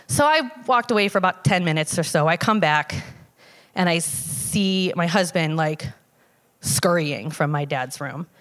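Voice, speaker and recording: A woman's voice: deep voice, a bit bright, big-room sound. A woman telling a personal story in a casual, conversational way, with many fillers and restarts. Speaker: storyteller sharing a personal testimony.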